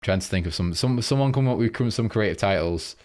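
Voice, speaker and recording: A man's voice: lowish voice, fast talker, a little mellow. A young man, casually going over forex charts on a live stream and reading out viewer comments.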